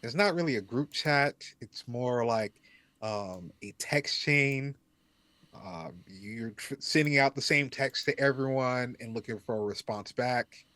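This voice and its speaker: A man narrating a tabletop role-playing game as game master, pausing often with ums as he thinks. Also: mid-range voice, a bit bright, no echo. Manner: slow, hesitant, many ums.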